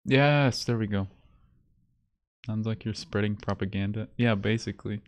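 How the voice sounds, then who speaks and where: A man's voice: lowish voice, moderate pace. A man streaming live, chatting casually and rambling between bursts of laughter and mock self-pity. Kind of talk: casual livestream chat.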